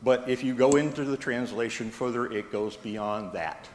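A man preaching a sermon in a church, telling stories with gentle humor. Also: medium pitch, normal speed, slight background noise. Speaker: pastor. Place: church sanctuary. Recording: echoey church hall from a distance.

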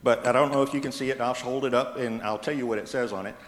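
A man preaching a sermon in a church, telling stories with gentle humor. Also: mid-range voice, fairly even intonation, fast. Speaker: pastor. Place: church sanctuary. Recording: echoey church hall from a distance.

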